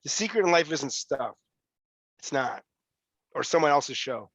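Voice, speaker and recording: A man's voice: medium pitch, expressive, unhurried, vocal fry, fairly bright tone, husky, no room sound, low-quality recording. A man giving blunt, profane motivational talk as an interview guest, often repeating words as he starts a thought.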